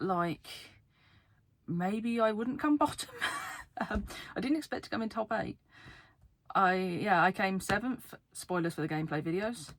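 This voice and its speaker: A woman card game YouTuber from the UK, talking fast and excitedly to camera in a casual vlog, laughing often. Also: medium pitch, no echo. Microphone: camera facing her.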